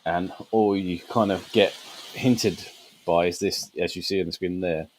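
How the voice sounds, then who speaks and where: A man's voice: sits low, steady tone, measured pace, a little hiss or hum, poor audio. A man co-hosting a gaming podcast, explaining at length with fillers and frequent laughs. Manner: laughs often, meandering explanations with many fillers. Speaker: podcast co-host. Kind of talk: casual podcast chat.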